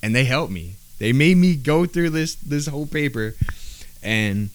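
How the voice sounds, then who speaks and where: A man's voice: medium pitch, expressive, unhurried. A man on a podcast, telling a personal story in casual street slang, with lots of "bro" and "like" fillers. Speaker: podcast guest.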